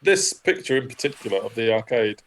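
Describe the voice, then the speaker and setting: A man's voice: mid-range voice, lively intonation, a little fast. A man co-hosting a podcast, teasing his co-host with dry quips in casual chat. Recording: noisy background hiss.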